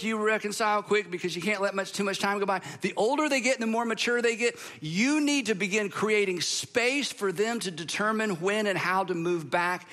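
A man preaching a sermon to a live audience, emphatic, slowing to drawn-out pauses and breaking into lively bursts. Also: sits high. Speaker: pastor.

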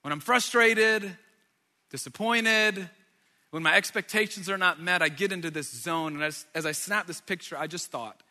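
Animated man preaching in a reverberant hall. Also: high voice, normal speed. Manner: animated storytelling, breaks into loud exasperated outbursts. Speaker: pastor. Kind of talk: sermon with personal story.

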